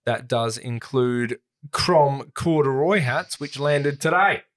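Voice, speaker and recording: Man, podcast co-host, casual chat, mid-pitched, rambling, "uh" fillers. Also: slow pace. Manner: relaxed and rambling, with frequent "uh" fillers. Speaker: podcast co-host reading announcements.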